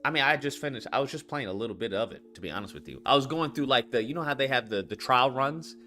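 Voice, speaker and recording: A fast-talking man with an expressive, mid-range voice, bright and forceful in tone, hosts a livestream over soft background music. He rants about video games unscripted, swearing, repeating himself, heated, while reading chat comments aloud.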